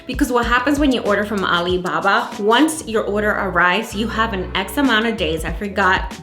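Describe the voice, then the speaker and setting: A woman vlogging casually about her small business, animated and exasperated as she acts out both sides of a dispute. Her medium-pitched voice bounces around a roomy space. Faint music plays underneath. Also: fairly quick. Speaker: candle maker vlogger. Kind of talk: casual vlog storytelling. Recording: echoey room, faint music.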